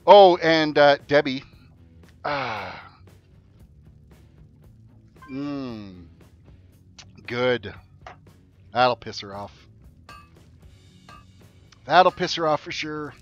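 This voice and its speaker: A man's voice: on the high side, lively intonation, drawn-out words, long pauses, muffled recording, faint music behind. A man streaming a video game, chatting and joking casually with his viewers as he plays. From Canada. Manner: chatty and joking, reads chat aloud. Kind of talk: casual commentary while playing.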